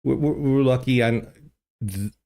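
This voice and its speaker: An older livestream host talks casually with his chat from a home studio, wandering through fillers and restarts. His medium-pitched voice is mellow and a little slow, touched with vocal fry. A desk microphone captures him.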